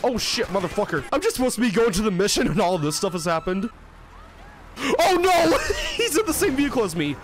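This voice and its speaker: High, lively young man gaming. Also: fairly quick, background noise. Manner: excitable, swears often, laughs a lot. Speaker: gaming YouTuber. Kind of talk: let's-play commentary.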